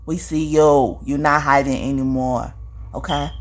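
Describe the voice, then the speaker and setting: A woman's voice: extremely low pitch, steady tone, unhurried. A woman giving a spiritual reading, talking straight at the viewer, profane and scolding, repeating her points and tagging them with "okay?". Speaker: spiritual reader. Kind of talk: confrontational spiritual vlog monologue.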